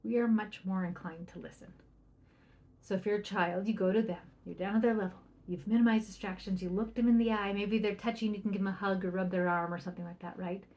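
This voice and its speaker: A woman's voice: medium pitch, steady tone, fast. A middle-aged woman hosting a parenting podcast, giving advice in a chatty, upbeat way and often asking "right?". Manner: chatty, upbeat, keeps asking "right?", acts out soft quoted lines. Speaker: parenting coach and podcast host.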